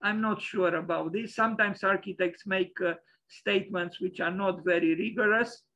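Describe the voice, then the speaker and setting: A man's voice: high voice, fairly even intonation, normal speed, creaky, sharp tone, muffled recording, a little hiss or hum. A man giving an opinionated lecture over slides, hesitant and full of fillers.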